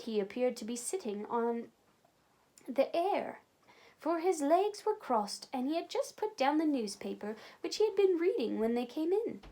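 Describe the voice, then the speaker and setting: A woman librarian reads a children's storybook aloud. Her storytelling is expressive and animated, with a fairly high voice that swings widely in pitch.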